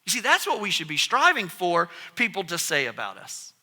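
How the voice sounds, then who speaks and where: A man preaches in a high, bright, sharp voice, telling his story with lively swings in pitch. His words ring out with a long reverb from a church sanctuary. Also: moderate pace. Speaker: pastor. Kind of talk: sermon.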